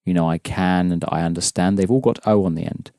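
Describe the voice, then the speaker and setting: A man's voice: low-pitched, fairly quick, dark tone, no room sound, clean studio sound. A man teaching a language lesson, explaining patiently and prompting his students with questions.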